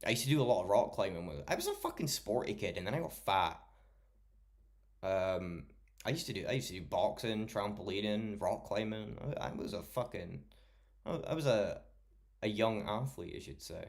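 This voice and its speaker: Male livestreamer, deep low voice, loose sweary late-night chat with viewers. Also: big pitch swings, moderate pace, creaky. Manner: swears a lot, chatty, talks to chat by name.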